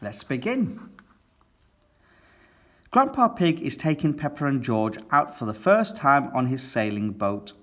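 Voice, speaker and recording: Male storybook reader, children's read-aloud, lively, animated pitch. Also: normal speed, hardly any pauses.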